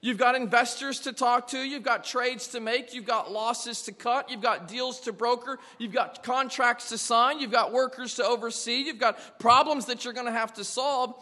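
Male pastor, sermon, emphatic, rhetorical questions, very high bright voice, long church reverb. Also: moderate pace, few pauses. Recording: long reverb of a large hall.

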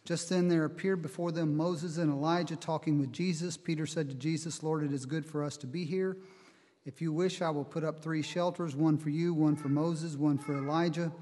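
Man preaching, slightly high voice, measured scripture reading, long reverb. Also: steady tone, mellow. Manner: measured Bible reading and teaching, slow on quoted verses. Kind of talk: sermon.

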